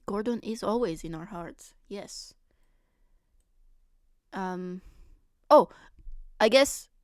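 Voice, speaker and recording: A woman's voice: mid-range voice, takes it slowly, no room sound, studio quality. A young woman streamer chatting casually with her viewers, giggling often between phrases. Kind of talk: casual live-stream chat.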